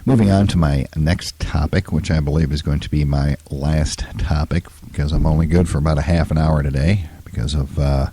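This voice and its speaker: A man in his fifties hosting a solo talk show, his throat scratchy and hoarse, talking in an opinionated, rambling way full of fillers. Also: a bass voice, fairly even intonation, a little fast, few pauses, dark tone. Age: 50s. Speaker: podcast host.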